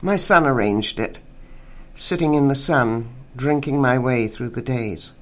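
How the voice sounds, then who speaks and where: Reading one of her short stories aloud, this Canadian writer appears as an interview guest and keeps a measured delivery. Her voice sits in the bass range.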